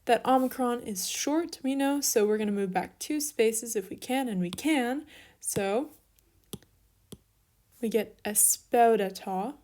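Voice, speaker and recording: A young woman teaching Greek online explains verb forms one step at a time while writing, speaking slowly in a slightly high voice. Her delivery stays steady, punctuated by brief apologies.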